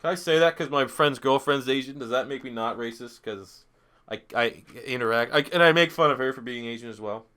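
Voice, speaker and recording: Bright-voiced crude man streaming. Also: medium pitch, fairly quick, smooth. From Canada. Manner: crude, profane, blunt. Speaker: gaming streamer. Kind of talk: live gameplay commentary reading chat.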